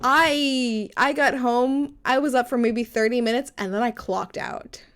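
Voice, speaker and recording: A woman's voice: fairly high pitch, measured pace, fairly bright tone. A young woman streaming live, chatting with her viewers while reading a story game aloud. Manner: chatty, reads game text aloud, answers chat.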